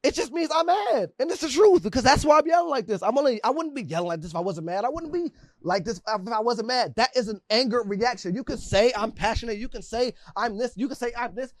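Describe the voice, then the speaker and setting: Young guy on a podcast, talks super fast, keeps repeating himself when he argues. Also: high-pitched, dry recording, clean studio sound. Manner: heated, argumentative, repeats himself. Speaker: podcast co-host. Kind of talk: casual chat.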